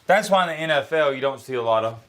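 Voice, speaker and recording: A man's voice: mid-range voice, expressive, fast talker, a bit bright. A man giving a casual, opinionated reaction to a college football game, blunt and self-mocking, often rambling and restarting his sentences. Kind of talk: casual sports reaction rant.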